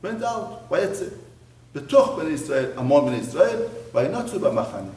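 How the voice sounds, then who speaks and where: A man, a rabbi, teaching a mussar lesson on the weekly Torah portion, telling a story with lively swings from loud emphasis to hushed murmurs. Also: a little high, unhurried. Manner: animated storyteller, voice rising and dropping to near murmur. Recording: roomy, distant mic with faint ambience.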